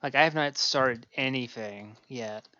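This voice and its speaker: A man streaming a game, chatting casually and narrating what he sees with excitement. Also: mid-range voice, measured pace, lo-fi sound. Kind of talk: casual chat while gaming.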